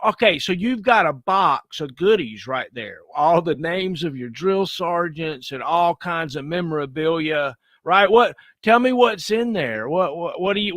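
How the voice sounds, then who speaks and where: A man's voice: fairly high pitch, a bit bright, no room sound, clean studio sound. A man hosting a live online interview who reacts with enthusiasm, laughs a lot and repeats phrases. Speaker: host.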